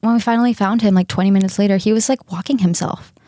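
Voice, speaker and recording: A woman's voice: medium pitch, fairly even intonation, fast talker, mellow, no echo. A young woman hosting a podcast, casually telling a personal story, candid, swearing freely and laughing often. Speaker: podcast host.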